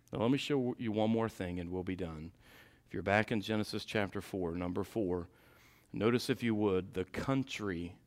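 A man preaching a sermon in a warm church, dropping to quiet asides and rising to loud climaxes. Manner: swings from low asides to shouted climaxes.

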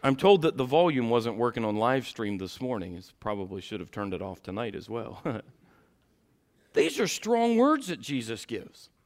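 A pastor preaches to his congregation in a folksy, direct way, swinging from quiet asides to loudly shouted passages. His medium-pitched voice is sing-song and moves at a normal speed.

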